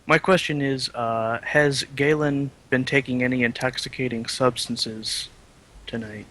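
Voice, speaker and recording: A man's voice: mid-range voice, steady tone, a little slow, fairly bright tone, low-quality recording. Hesitant male caller. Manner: hesitant, rambling. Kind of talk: call-in question.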